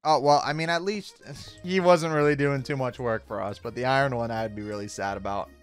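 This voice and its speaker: A young man hosting a Minecraft let's-play, excitable, gasping and shouting at surprises. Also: mid-range voice, a little fast. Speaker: gaming YouTuber host. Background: faint background music.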